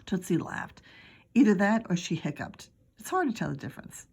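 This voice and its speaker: A middle-aged woman teacher reading a children's book aloud with expressive, chatty asides. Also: mid-range voice, normal speed, slightly rough. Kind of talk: read-aloud storytelling for children.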